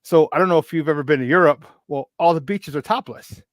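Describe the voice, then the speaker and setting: A man in his fifties, a podcast guest telling a story in a chatty, animated way. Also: on the high side, fast talker, no room sound. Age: 50s. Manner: chatty, animated, with many restarts. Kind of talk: casual storytelling.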